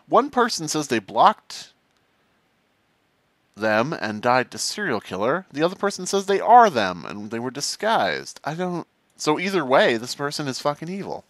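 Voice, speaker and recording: A man doing casual let's-play commentary in an animated, jokey way, thinking aloud as he plays. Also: a little high, moderate pace, no room sound. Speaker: gaming commentator.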